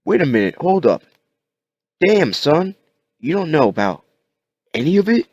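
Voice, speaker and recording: A man voicing a calm, plain-spoken rural father who shelters his son, talking in a folksy way. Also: on the high side, measured pace, no echo, dull audio, voice pushed up, exaggerated voice.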